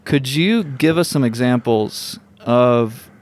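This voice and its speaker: A man's voice: medium pitch, takes it slowly. A man hosting an interview podcast, asking curious follow-up questions. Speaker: podcast host.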